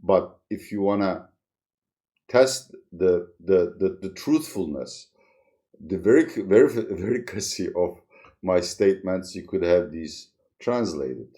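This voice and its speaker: Slow, deep-voiced wry man. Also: lively intonation, mellow. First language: Turkish. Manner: wry, sardonic, chuckles through serious points. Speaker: channel host, commentator. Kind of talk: solo video commentary.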